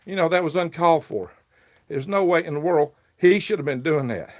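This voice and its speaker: A man's voice: a little high, brisk. A man hosting a casual livestream, telling a rambling, aggrieved story. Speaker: livestream host selling worms.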